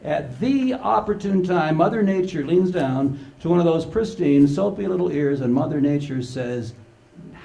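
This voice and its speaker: A man's voice: fairly high pitch, animated, moderate pace, creaky, few pauses, dark tone. An older man giving a humorous conference talk, telling playful stories and acting out the quotes. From Canada. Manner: storytelling, playful, acts out quotes. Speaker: conference speaker.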